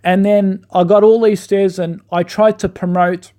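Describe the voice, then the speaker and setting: A man's voice: high voice, little pitch movement, a little slow, dark tone. A man giving an argumentative opinion monologue, full of rhetorical questions. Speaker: commentator.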